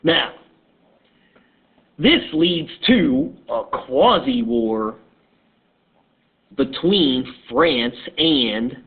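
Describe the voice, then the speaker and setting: A male teacher walks through a history lesson as a loose, halting story. His delivery is slow and husky. The recording is thin and phone-like. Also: mid-range voice, expressive. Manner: conversational, halting, digressive.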